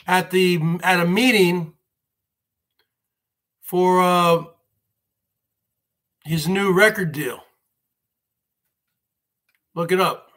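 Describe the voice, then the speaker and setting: Drawn-out words and long pauses mark this livestream host's rambling rant. His voice is high, bright, and somewhat tense, and he repeats himself constantly while addressing his viewers as folks.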